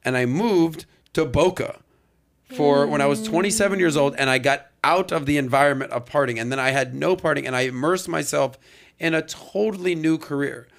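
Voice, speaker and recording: Gravelly, animated podcast host. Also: male voice, fairly high pitch, brisk. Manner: animated storyteller, acts out quotes. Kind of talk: casual chat.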